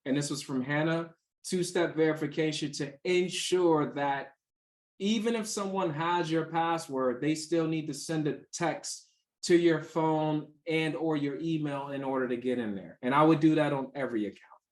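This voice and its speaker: A man with a somewhat high voice explains security in a loose, conversational way, telling stories and restarting his sentences. He sounds like an instructor answering questions. His voice carries the echo of a reverberant room. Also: normal speed, darkish tone. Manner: chatty, anecdotal, many fillers and restarts. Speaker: cybersecurity instructor.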